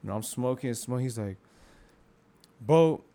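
A man's voice: mid-range voice, fairly even intonation, fairly quick, a crowd in the background. Slangy man telling a spooky story. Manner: slangy, rambling with many fillers. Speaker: guest telling ghost stories. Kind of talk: casual storytelling.

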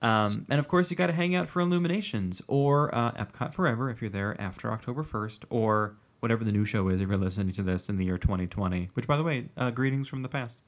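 A man's voice: mid-range voice, fast talker, hardly any pauses. A man co-hosting a casual podcast, chatty and self-mocking, rambling with fillers as he shares ideas. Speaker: podcast co-host. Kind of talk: casual chat.

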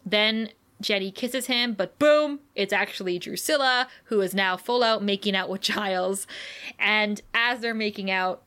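A woman co-hosting a casual podcast, recapping a TV episode in lively, laugh-filled chat and swearing casually. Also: mid-range voice, a little slow. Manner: animated, laughs often, acts out quotes.

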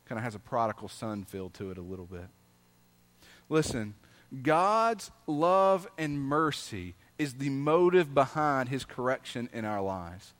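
A male pastor preaching a sermon. His delivery is dynamic, swinging from loud emphasis to soft asides, and he reads scripture with slow, drawn-out emphasis. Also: mid-range voice, animated.

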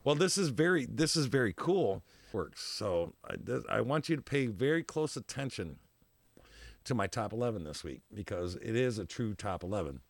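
Gravelly man rambling through a story. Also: fairly low pitch, expressive, moderate pace, no echo. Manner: rambling, repeats himself, laughs often.

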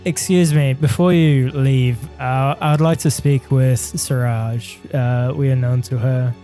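A man's voice: medium pitch, steady tone, unhurried, mellow, faint music behind. A man playing a tabletop role-playing game, speaking politely for his character. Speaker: player.

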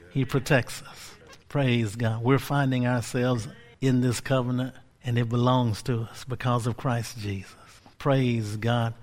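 A man preaching a sermon with fervor, repeating phrases and swinging from loud exclamations to hushed whispers. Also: medium pitch.

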